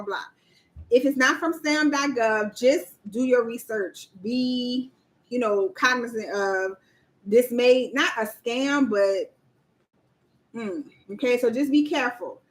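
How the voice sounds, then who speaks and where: High-voiced woman chatting on a livestream. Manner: chatty, talks straight to viewers and reads their comments aloud. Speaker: livestream host and proposal coach. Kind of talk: casual livestream chat.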